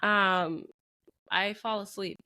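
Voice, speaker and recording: Young woman, podcast co-host, casual and animated, mid pitch, laughs easily. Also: slow pace. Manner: animated storyteller, mimics her husband, laughs often. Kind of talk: casual chat.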